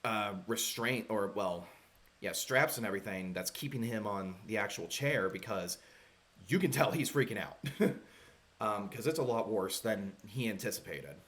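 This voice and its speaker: A man running a tabletop game as game master, narrating in a halting way with many fillers. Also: on the low side, expressive, fairly bright tone. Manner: halting, full of fillers and restarts.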